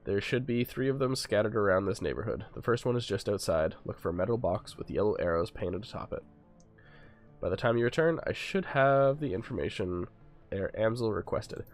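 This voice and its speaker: A courteous, formal male fixer handing out errands in a role-playing game, read aloud by a man in his own low voice. The voice is gravelly, with quiet music behind. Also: animated, brisk. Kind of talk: reading game dialogue aloud.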